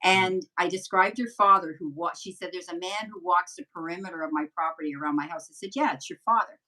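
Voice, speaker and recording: A woman's voice: fairly low pitch, fast, pushed and bright, far from the mic, low-quality recording. An older woman, a psychic medium guest, telling rambling, chatty anecdotes in a casual interview.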